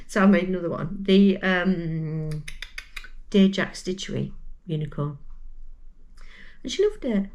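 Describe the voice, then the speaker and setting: A woman in a casual crochet vlog, chatting freely with plenty of ums and side-tracks. Her voice sits a little low and sounds slightly croaky. She talks into a camera mic at her desk. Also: unhurried, pauses often, darkish tone. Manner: chatty and rambling, with many fillers. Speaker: crochet vlogger.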